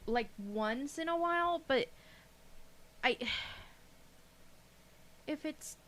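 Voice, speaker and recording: A woman co-hosting a casual podcast, her voice bright and sitting a little high. She talks in an animated, emphatic way and swears freely. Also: extremely slow, a little hiss or hum. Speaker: podcast co-host.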